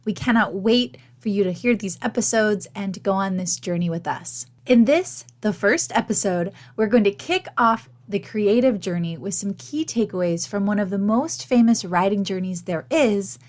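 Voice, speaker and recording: A woman hosting a solo podcast, talking in a candid, chatty, self-deprecating way, her voice gravelly and worn after losing it. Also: mid-range voice, lively intonation, moderate pace, hardly any pauses. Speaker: podcast host and teaching artist.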